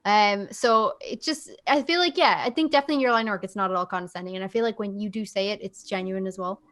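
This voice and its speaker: A woman's voice: mid-range voice, quick pace, fairly bright tone. A woman who grew up in South Africa, co-hosting a casual podcast chat and speaking frankly and emphatically, with casual swearing.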